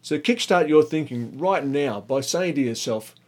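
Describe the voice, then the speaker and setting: Earnest motivational speaker. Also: male voice, a little high, animated, normal speed. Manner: earnest, rhetorical questions. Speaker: podcast host. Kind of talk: motivational monologue.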